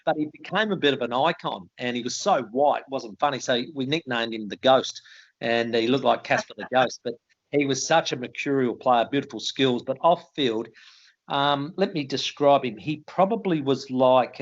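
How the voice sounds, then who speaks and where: A man's voice: mid-range voice, normal speed, highs cut off. Australian man spinning footy yarns. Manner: yarn-spinning, colloquial, laughs at his own stories. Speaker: retired footballer guest. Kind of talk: casual interview chat.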